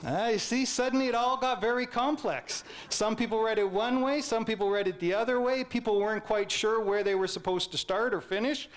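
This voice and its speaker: A man's voice: sits high, brisk, hardly any pauses. A Canadian man giving a public lecture, telling a childhood story and acting out the teachers' lines while he quizzes the audience. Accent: Canadian English. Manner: animated, playful storyteller who acts out teachers and quizzes the audience.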